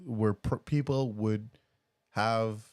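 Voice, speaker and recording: Low-voiced man, animated podcast co-host. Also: slow, dry recording, clean studio sound. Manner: animated, laughs often, rambling restarts. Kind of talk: casual chat.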